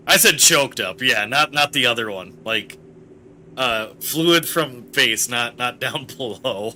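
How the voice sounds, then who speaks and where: Male gaming streamer, live commentary, excitable and crude-joking, sharp, bright tone. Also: mid-range voice, takes it slowly, slight background noise. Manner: excitable, swears freely, jokey.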